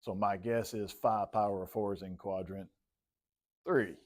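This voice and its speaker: A math teacher with a lowish, darkish voice lectures his class in a steady tone, taking his time. He talks while plotting on the board and calls on students by name to quiz them.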